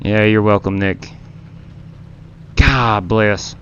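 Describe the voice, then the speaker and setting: Rewinding replays on his live sim-racing stream, the host, who is also the league race director, talks very slowly in a lowish voice, frankly owning the mistakes he made. The audio is dull, with a little hiss or hum.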